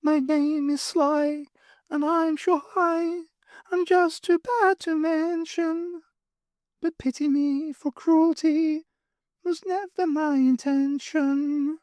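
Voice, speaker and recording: A woman's voice: high voice, very animated, slow, dry recording, studio quality, pitched above the performer's own voice, heavily acted. A woman voicing a mischievous little green male imp in a storybook reading, sing-song and wheedling.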